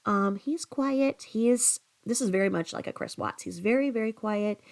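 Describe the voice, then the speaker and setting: A woman's voice: medium pitch, moderate pace. A woman hosting a commentary channel, ranting bluntly and profanely about another online creator. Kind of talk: angry commentary.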